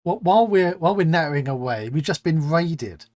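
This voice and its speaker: A stream host keeps a casual interview going, chatty and playful and quick with a joke. The voice swings up and down a lot in pitch, sitting at a middle height. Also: lively intonation, a little mellow.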